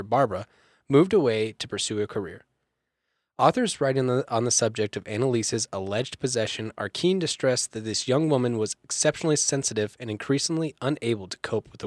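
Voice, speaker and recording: A young man hosts a casual podcast, reading a true-crime script with a lively, swinging voice. He curses freely and talks in a relaxed, joking way. The sound is dry and close. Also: medium pitch, no room sound. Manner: swearing, laughing, lively. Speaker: podcast host reading the story.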